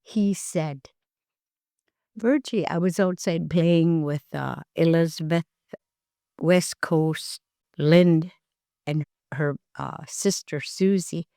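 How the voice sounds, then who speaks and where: An older woman from Alaska, an elder telling family stories in an interview, slow and gentle, acting out the dialogue. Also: low voice, gravelly, no echo, studio quality. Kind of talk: storytelling in an interview.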